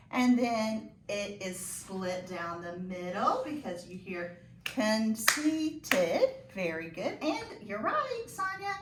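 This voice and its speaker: A woman teaching a phonics lesson to children, slow and encouraging with sing-song praise. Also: mid-range voice, a bit bright, slight background noise. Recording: echoey room, voice from a distance.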